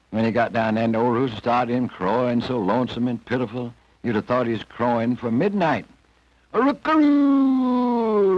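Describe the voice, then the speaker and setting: A man's voice: mid-range voice, dry recording. Folksy male storyteller, dull old film sound. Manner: folksy, homespun drawl. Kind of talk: folk tale storytelling.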